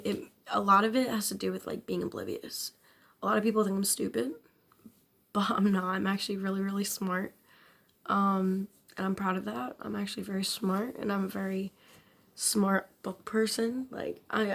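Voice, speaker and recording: A young woman talks straight to camera in a candid, rambling confession, her voice often dropping into a gravelly fry. She leans on filler words and swears casually. Her pitch sits at an ordinary middle level. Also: fairly bright tone. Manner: frank, self-questioning, occasional nervous laughs. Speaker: vlogger.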